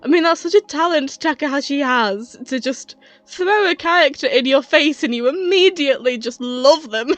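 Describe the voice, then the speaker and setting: A woman talking through a casual retrospective review, slightly out of breath, chatty and enthusiastic and quick to laugh. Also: high voice, animated, a bit bright, dry recording, soft background music.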